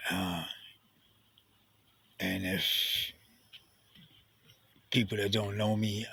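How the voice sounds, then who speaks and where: A middle-aged man tells his own story in a confessional way. His voice is tense and bright-edged, with a raspy grain and a low, gravelly texture. He speaks haltingly, with many restarts and fillers, and sometimes drops to a hushed near-whisper. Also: dry recording, poor audio. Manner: sinks to a hushed near-whisper at heavy moments.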